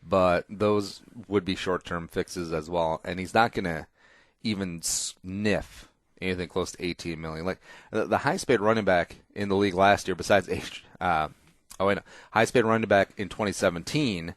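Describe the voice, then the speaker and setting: A man's voice: low-pitched, steady tone, moderate pace, no echo. A man hosting a casual podcast, opinionated and emphatic, rambling and swearing freely, on a close studio mic. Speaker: podcast host.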